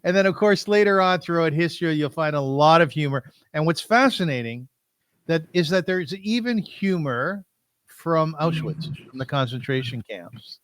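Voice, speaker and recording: A man's voice: a little high, expressive, normal speed, fairly bright tone, dry recording. A man hosting an interview show, talking in a chatty way and laughing easily. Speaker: host. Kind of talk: casual interview talk.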